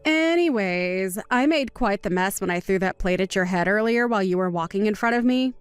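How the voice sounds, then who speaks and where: A woman's voice: mid-range voice, lively intonation, fairly quick, smooth, soft background music, close to an everyday voice. A woman voicing an arrogant young female office worker who mocks and taunts others in a voiced story drama. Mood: taunting. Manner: sneering, taunting, laughs at others.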